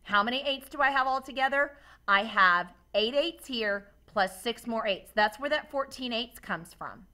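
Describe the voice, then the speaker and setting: A woman's voice: a little high, animated, moderate pace, pushed and bright. A woman teacher walking students through a math demonstration, upbeat and asking them questions as she goes. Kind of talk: classroom demonstration lesson.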